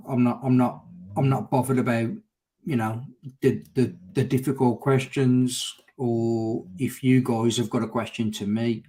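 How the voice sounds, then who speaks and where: A man's voice: medium pitch, darkish tone. A middle-aged man with a Birmingham accent, a guest on a casual live stream, chatting openly and restarting his words, calling people mate. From Birmingham area, England. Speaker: guest, motorcycle vlogger.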